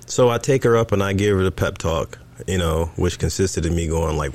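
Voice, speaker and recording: A man's voice: low voice, brisk, hardly any pauses. A man co-hosting a podcast, telling a story in casual chat and acting out what was said. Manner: animated storyteller, acts out quoted dialogue. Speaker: podcast co-host.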